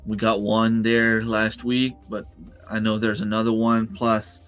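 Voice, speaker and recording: Low-ish and completely flat, this man speaks unhurriedly with faint music in the background. He's hosting a casual home livestream through a desk microphone, reading out viewer comments and answering them in a meandering way, full of fillers and restarts.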